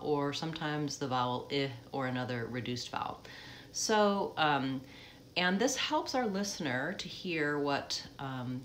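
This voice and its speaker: Woman, coach, deep voice, measured explanations, slight background hiss. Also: fairly bright tone. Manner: clear, measured teaching delivery. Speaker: accent coach. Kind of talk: live online class.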